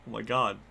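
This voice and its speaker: A young man casually talking through a racing game livestream, excitable, laughing often and quick to swear. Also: fairly low pitch, gravelly, a little hiss or hum.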